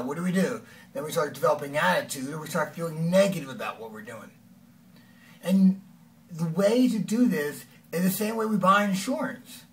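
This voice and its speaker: A man giving an energetic, conversational motivational talk as a life coach, often acting out quoted lines. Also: fairly high pitch, distant mic, a little hiss or hum.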